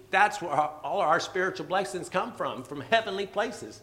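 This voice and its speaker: A man preaching a fervent, emotional sermon, at times teary and laughing softly. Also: a little high, animated, normal speed, hardly any pauses.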